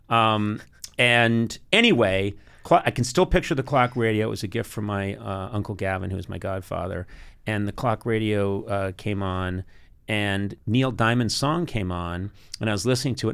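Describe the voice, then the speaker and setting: Host type: middle-aged man with a bright, forceful voice, a lively comic storyteller who laughs easily and gets loud. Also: lowish voice, creaky, clean tone. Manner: animated, laughs often, voice rises loud when excited.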